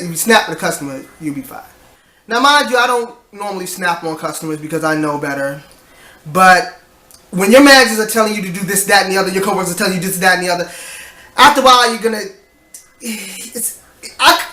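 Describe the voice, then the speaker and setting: Weary young man, bright echoey voice. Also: high voice, animated, quick pace. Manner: tired, rambling, frequent restarts and sighs. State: tired. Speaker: vlogger. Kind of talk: casual storytelling vlog.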